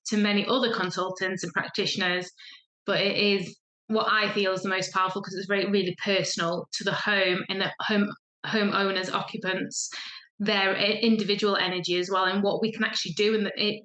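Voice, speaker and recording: A woman's voice: mid-range voice, bright, forceful tone. A woman in her thirties, a guest on a podcast, telling her story chattily and acting out the voices of people she quotes. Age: 30s. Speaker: guest, feng shui coach. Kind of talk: casual podcast chat. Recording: echoey room.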